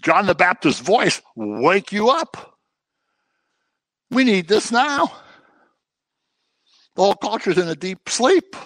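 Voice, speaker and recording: A middle-aged man preaching a sermon, lively and dramatic, slipping into the voices of the people he describes. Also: high voice, takes it slowly, long pauses, no echo. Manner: animated, acts out voices of people he quotes. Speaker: pastor.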